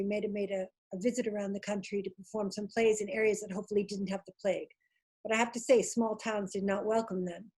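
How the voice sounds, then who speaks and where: A woman professor explaining a play in an interview over a video call, in a lively manner with frequent restarts. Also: on the high side, poor audio. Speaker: Shakespeare professor.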